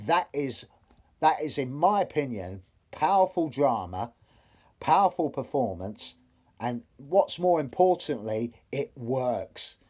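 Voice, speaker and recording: A man talks straight to camera in a blunt, rambling monologue, swearing freely and building heat as he argues. His voice sits at an ordinary middle pitch and has a dark, mellow tone. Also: big pitch swings, slow pace. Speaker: vlogger. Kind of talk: opinionated review monologue.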